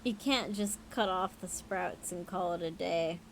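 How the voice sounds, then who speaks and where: Tired and hiccuping, a livestream host reads creepy stories and keeps breaking off to talk frankly, swearing and laughing as she goes. She speaks unhurriedly in a lowish voice with vocal fry, on a rough recording with a little background noise.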